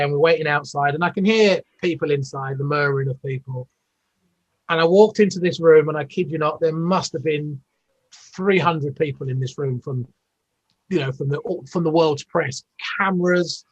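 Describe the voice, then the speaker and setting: A man's voice: on the high side, fairly bright tone, muffled recording. A British man in his fifties, a former Olympic athlete telling long rambling stories as an interview guest, with plenty of fillers and restarts. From United Kingdom. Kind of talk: casual storytelling interview.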